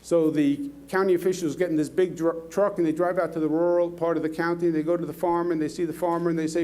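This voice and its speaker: High-voiced man giving a folksy speech. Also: level tone, fast talker, few pauses, a little mellow. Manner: folksy storytelling, rousing and repetitive. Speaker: politician. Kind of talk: public speech.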